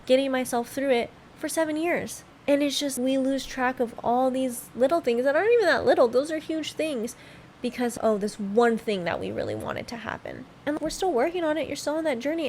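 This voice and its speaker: A woman in her late twenties talks through a reflective solo podcast in a candid, emotional way, with frequent swearing. Her voice sits a little higher than most women's. A faint hiss of noise lies under the recording. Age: late 20s. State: tearful at times. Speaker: podcast host.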